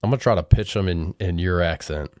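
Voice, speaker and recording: A man with a low voice hosts a casual comedy podcast, asking halting deadpan questions. His voice sits dry and close to the mic. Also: no echo. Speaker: podcast host.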